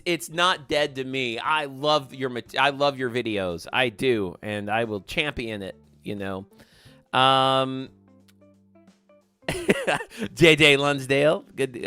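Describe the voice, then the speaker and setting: A man hosting a gaming livestream, chatting casually and warmly thanking viewers by name as he reads their comments. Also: medium pitch, clear, resonant tone. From American South.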